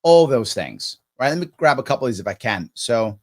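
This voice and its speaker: A man's voice: medium pitch, very animated, brisk, darkish tone. A man hosting a livestream, reacting sarcastically to a political speech and answering viewer comments. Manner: sarcastic, talks back at the clip. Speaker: livestream host.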